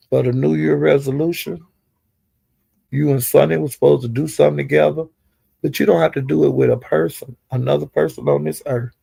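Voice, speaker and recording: Gravelly man dishing profane gossip. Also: on the high side, dark tone, no room sound. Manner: talks straight to the people discussed. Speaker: commentator on online live streams. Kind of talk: casual gossip commentary.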